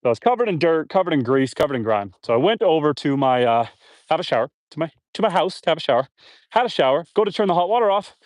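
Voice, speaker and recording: A very animated man with a slightly high voice talks at a quick pace while watering trees on his homestead. He's livestreaming, rambling to viewers and his animals, and the recording is dry and studio quality.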